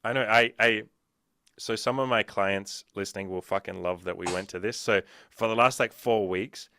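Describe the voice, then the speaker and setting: A man chatting casually on a podcast as a business coach, swearing a lot and telling animated stories. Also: on the low side, normal speed, a little hiss or hum. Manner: profane, animated storytelling.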